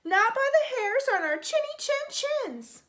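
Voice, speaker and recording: A woman voicing three small, defiant piglets in a read-aloud storybook, in a high squeaky voice. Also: sing-song, measured pace, fairly bright tone, exaggerated voice.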